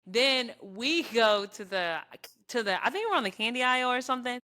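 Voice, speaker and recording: Brief: woman, young adult, podcast co-host, animated storyteller with a bright, clear edge. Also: a little high, normal speed. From southern Virginia, US. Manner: animated storyteller, addresses listeners as y'all. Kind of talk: casual chat.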